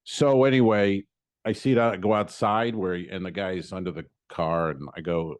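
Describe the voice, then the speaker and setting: A man co-hosting a comedy podcast, retelling a frustrating errand in an animated, swearing, storytelling way and acting out both sides of the exchange. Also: low voice, moderate pace, no room sound. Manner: swears casually, laughs often. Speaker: podcast co-host.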